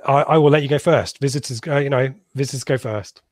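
A man's voice: mid-range voice, fast, no room sound. Chatty man hosting a football podcast. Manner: chatty, rambling, laughs often, many ums. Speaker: podcast host. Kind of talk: casual football podcast chat.

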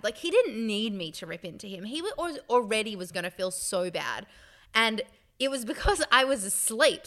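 Young woman, podcast co-host, casual chat, bright tone, clean smooth voice, animated storyteller. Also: medium pitch. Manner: animated storyteller, acts out quotes.

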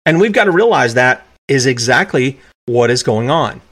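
A man's voice: medium pitch, animated, moderate pace, fairly bright tone. A man hosting a solo commentary show, talking emphatically with restarts and asides, reading passages aloud from documents. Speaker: podcast host.

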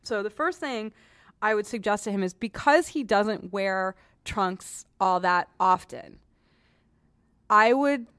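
A woman's voice: medium pitch, clear, resonant tone, dry recording. A woman hosting a podcast in a frank, joking, chatty way, often restarting her sentences. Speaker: podcast host, cleaning advice columnist. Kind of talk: casual podcast chat.

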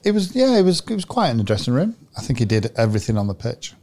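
A man co-hosting a football podcast, a former player telling dressing-room stories in a relaxed, chatty way. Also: mid-range voice, fast. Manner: chatty storyteller. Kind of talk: casual podcast chat.

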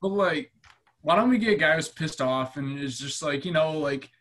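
A man's voice: a little high, expressive, normal speed, fairly bright tone. A man in a casual comedic chat, talking loosely with lots of "like" and casual swearing.

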